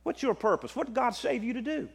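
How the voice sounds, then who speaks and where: A man with a Southern US accent preaching a sermon, passionate, swinging from loud drawn-out declarations to quiet quick asides. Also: extremely high pitch, expressive, creaky, breathy edge, long reverb tail.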